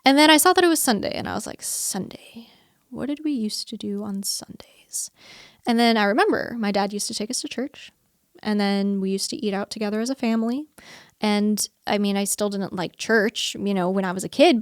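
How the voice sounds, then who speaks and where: A woman's voice: mid-range voice, dry recording, studio quality. A young woman as an interview guest, telling a personal story in an earnest, chatty way, often quoting her own thoughts and laughing.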